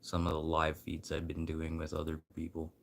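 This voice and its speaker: A man with a very deep, low-pitched voice talks casually to his livestream audience. He rambles and swears freely, drifting from quiet mutters to loud, eager pep talk. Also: completely flat delivery, moderate pace, creaky. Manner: rambling, profane, swinging between muttering and loud encouragement.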